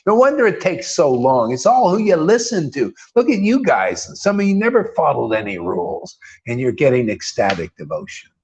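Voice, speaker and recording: A man's voice: a little high, big pitch swings, normal speed, vocal fry, hardly any pauses, darkish tone, dull audio, a little hiss or hum. A man preaching informally to a small group as a spiritual teacher, emphatic and casual, with blunt, mocking asides and swearing. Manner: emphatic and casual, often calls listeners "man".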